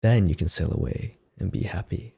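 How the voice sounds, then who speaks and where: A man voicing a gentle, giving female tree in a soft, hushed, sorrowful way. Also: low-pitched, moderate pace, creaky, slightly rough, full character voice. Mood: tender.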